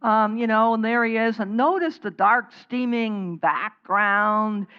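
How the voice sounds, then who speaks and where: A woman's voice: a little high, slow, clean tone, highs cut off. A woman minister giving a sermon in a conversational, digressive way, often restarting her sentences.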